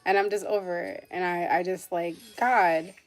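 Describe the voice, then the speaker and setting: A woman's voice: lowish voice, fairly even intonation, normal speed, soft background music. Woman rambling through a phone livestream. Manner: rambling, emotional storytelling with frequent "like". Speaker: livestream host. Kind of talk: casual livestream chat.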